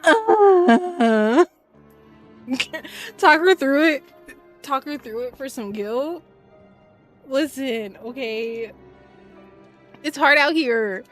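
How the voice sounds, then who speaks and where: A woman's voice: sits high, animated, extremely slow, pauses often, soft background music. A woman in her twenties streaming a game and chatting in a loose, slangy, profane way, laughing often. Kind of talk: casual gaming stream chat.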